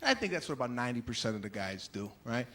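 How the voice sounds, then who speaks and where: A man doing a stand-up comedy routine, exasperated and acting out characters, building to shouts. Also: mid-range voice, big pitch swings, racing. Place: comedy stage before a live audience. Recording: live show with crowd laughter and noise.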